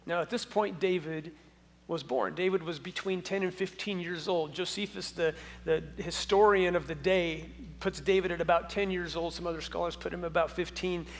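A male pastor preaches with a high voice in a church hall whose long echo trails each phrase. He talks in a relaxed, conversational way, asks his listeners question after question, and slips in humor. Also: normal speed, a little hiss or hum. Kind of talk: sermon. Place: church sanctuary.

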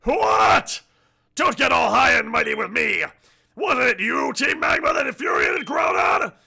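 A hot-headed villain gang leader, as a man voices him for a game playthrough, loud and theatrical, his throat sounding strained. The voice is bright and gravelly, with pitch jumping all over. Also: big pitch swings, measured pace, heavily acted. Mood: defiant. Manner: loud, theatrical, often shouting.

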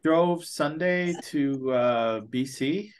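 A man chatting casually in a halting way, pausing often with fillers. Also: fairly high pitch, clear, resonant tone. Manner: halting, lots of pauses and fillers. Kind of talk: casual chat.

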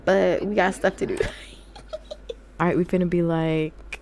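A young adult woman giving casual let's-play commentary, animated and often laughing as she talks to her viewers. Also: lowish voice, measured pace, gravelly, slight background noise. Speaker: gaming YouTuber.

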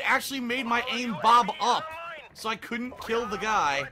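A man's voice: extremely high pitch, a little slow, sharp tone, a little hiss or hum. A young man commentating his own gameplay, ranting and swearing in exasperation. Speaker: gaming commentator. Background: faint gunfire from the game.

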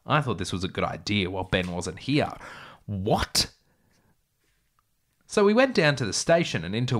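Wry young man reading his old story. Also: lowish voice. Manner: wry, joking asides. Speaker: narrator reading his childhood novel. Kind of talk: casual read-aloud with asides.

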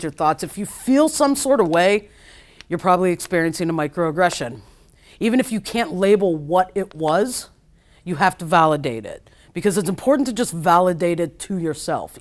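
A woman psychologist giving a keynote lecture in a casual, chatty way, often saying "like" and acting out quoted speech. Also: on the low side. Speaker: keynote speaker.

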